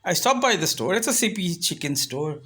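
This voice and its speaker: A man telling a story in a casual vlog rant, animated and switching between English and Bengali. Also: on the high side, fast. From Bangladesh. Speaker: vlogger. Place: home, indoors.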